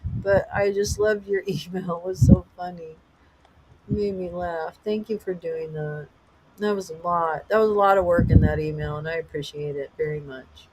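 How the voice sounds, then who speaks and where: A woman's voice: fairly low pitch, darkish tone, husky, low-quality recording. Blunt, profane woman hosting a livestream. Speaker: livestream host. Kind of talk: casual livestream commentary.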